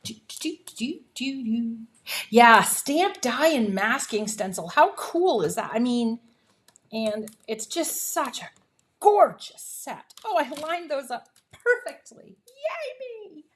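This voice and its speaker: A woman's voice: fairly high pitch, sing-song, takes it slowly. A woman hosting a live papercraft demonstration from her home craft room, chatty and upbeat, laughing often and cheering herself on. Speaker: papercraft host.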